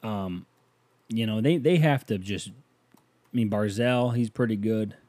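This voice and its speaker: A man riffing loosely on his own podcast, joking and jumping up in pitch when he gets excited. His voice is mellow and dark. It sounds dry and close, as if recorded in a small room. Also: takes it slowly, dry recording. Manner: loose, joking, animated with sudden pitch jumps. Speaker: podcast host. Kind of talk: casual solo podcast chat.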